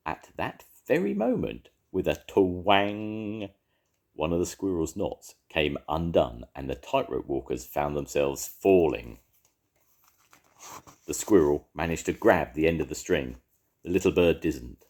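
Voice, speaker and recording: An older man reading a children's story aloud to his grandchildren, expressive and warm. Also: rumbling low, normal speed.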